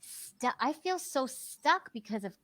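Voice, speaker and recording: A woman's voice: high voice, expressive, measured pace, fairly bright tone. A middle-aged woman co-hosting a podcast, chatting in a candid, confiding way. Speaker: podcast co-host. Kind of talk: casual chat.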